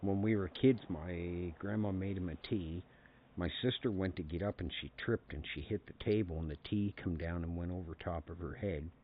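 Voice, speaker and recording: A man's voice: low voice, moderate pace. A man from Canada telling rambling family stories on a casual game stream, chuckling often. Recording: tinny phone-like sound, faint noise.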